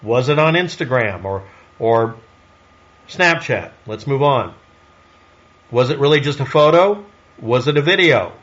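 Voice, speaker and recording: A man's voice: medium pitch, lively intonation, unhurried, long pauses, fairly bright tone, muffled recording. A man delivering a solo commentary monologue in a snarky, sarcastic way, firing off rhetorical questions. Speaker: online commentator.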